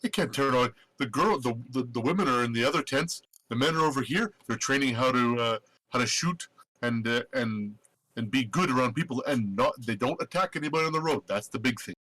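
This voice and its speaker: Man playing an eager friendly camp leader, bright tone, dry sound. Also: medium pitch, a little fast, dry recording, low-quality recording. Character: cheerful male goblin-camp leader.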